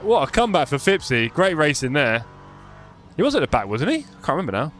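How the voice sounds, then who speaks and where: Man, lively bouncing voice, slightly high, excitable race chatter, faint noise behind. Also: fast talker, soft background music. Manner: excitable, self-mocking, chatty. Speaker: streamer racing and commentating. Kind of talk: live sim racing commentary.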